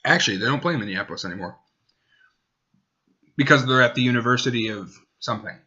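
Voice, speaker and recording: Rambling man, bright voice. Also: mid-range voice, muffled recording. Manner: rambling, self-correcting, talks to his dog. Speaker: podcast host. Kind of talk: casual sports talk.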